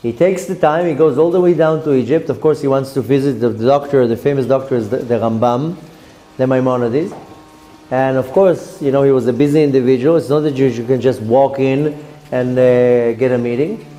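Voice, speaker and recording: A man's voice: mid-range voice, a little fast, warm tone, a little hiss or hum. A man, a rabbi giving a Torah lesson as a story and acting out the characters' lines.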